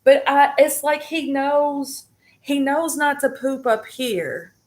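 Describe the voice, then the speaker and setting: Slow, rambling woman chatting to viewers. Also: high voice. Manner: rambling, chatty, many fillers and restarts; addresses the audience directly. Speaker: spiritual reading streamer. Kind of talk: casual live chat to viewers.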